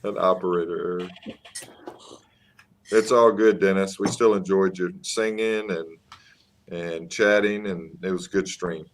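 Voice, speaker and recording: A man's voice: low-pitched, steady tone, measured pace, pauses often, a little hiss or hum. A man chatting casually and encouragingly on a group call, often laughing. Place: at his sister's house.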